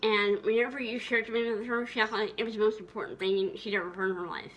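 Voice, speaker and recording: A woman's voice: mid-range voice, steady tone, fast talker, fairly bright tone. A woman vlogger reminiscing tenderly in a casual, rambling way, with many fillers and restarts.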